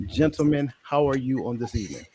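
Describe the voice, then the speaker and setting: A man hosting a casual panel podcast, lively and chatty, giving shout-outs and correcting himself as he goes. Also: medium pitch, brisk, slight background noise. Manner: energetic, shout-outs, self-correcting, colloquial. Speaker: podcast host.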